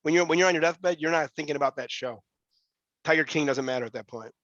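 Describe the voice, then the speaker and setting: Brief: fast-talking man, blunt and profane, slightly higher voice, dry and muffled sound. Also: a bit bright, no echo. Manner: blunt, profane, repeats words when he starts a sentence. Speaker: guest. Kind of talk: motivational interview talk.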